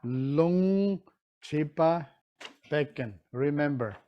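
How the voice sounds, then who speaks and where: Guy teaching a class real slow, kinda high voice, broken english, keeps going "right?" and acting stuff out. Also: highs cut off. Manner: non-standard English grammar, keeps checking with "right?"; animated, acts out examples. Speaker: teacher of Tibetan medicine. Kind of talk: live teaching session.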